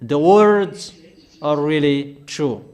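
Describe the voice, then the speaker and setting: Man, high voice, preacher, emphatic, repetitive, accusatory sermon. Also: animated, very slow, a little mellow.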